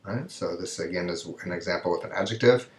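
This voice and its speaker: A man's voice: low voice, fast. A man teaching a recorded grammar lesson, explaining step by step and often checking in with "right?". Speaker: Spanish teacher. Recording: echoey room.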